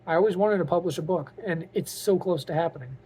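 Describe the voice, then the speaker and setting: A man's voice: fairly high pitch, quick pace, warm tone, slightly rough. A man talking to camera in a casual vlog, earnest and openly emotional, rambling with lots of "like" and "you know". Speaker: vlogger and aspiring author.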